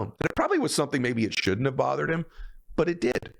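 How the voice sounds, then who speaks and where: A man's voice: medium pitch, huge pitch swings, fast, creaky. A man in his fifties giving an earnest, emphatic motivational speech with personal stories. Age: 50s. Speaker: motivational speaker.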